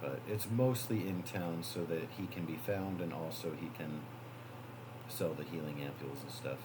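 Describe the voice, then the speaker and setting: Deep-voiced male game master. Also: normal speed, background noise. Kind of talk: narrating a tabletop game.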